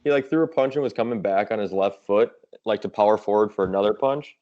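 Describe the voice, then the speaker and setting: A man chatting casually on a podcast, relaxed and rambling, with lots of fillers. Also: fairly low pitch, quick pace, muffled recording. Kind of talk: casual chat.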